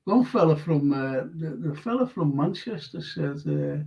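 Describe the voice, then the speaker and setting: On dull, lo-fi stream audio, an older Liverpool man with a Scouse accent reads out listener comments on his live show. His voice runs on the high side with a dark tone, lively intonation and normal speed, and he rambles casually with plenty of fillers and restarts.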